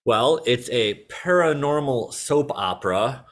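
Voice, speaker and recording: Male improv guest on a video call, mid-range voice, deadpan humor. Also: medium pitch, takes it slowly. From Chicago area. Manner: deadpan joking. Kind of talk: casual interview chat. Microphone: video call mic.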